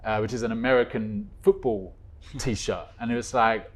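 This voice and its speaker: A man guest in a relaxed interview, telling an anecdote with lively energy. His voice sits in a middle register and rises and falls often as he gets into the story. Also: normal speed. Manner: animated storyteller with swings in pitch and loudness. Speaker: guest, co-creator of a stage musical. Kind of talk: casual chat.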